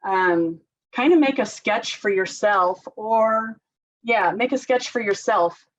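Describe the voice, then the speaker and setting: A woman's voice: medium pitch, takes it slowly, a little hiss or hum. A woman occupational therapist giving a casual training talk to parents, chatty and laughing often. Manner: chatty, laughs often, leads group exercises with chanting. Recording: slightly dull lo-fi sound.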